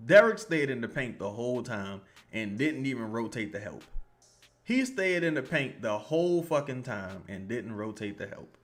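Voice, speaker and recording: A man's voice: mid-range voice, unhurried, soft background music. Profane young man reacting to a basketball game. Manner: profane, excitable, yells at the players then calms down; repeats phrases, addresses chat viewers by name. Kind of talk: live-stream watch-along commentary.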